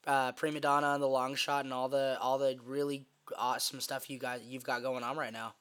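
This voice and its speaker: A young man hosting a casual podcast, hoarse and raspy from a cold, rambling with lots of fillers. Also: medium pitch, little pitch movement, brisk, fairly bright tone. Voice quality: raspy, sniffly. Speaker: podcast host.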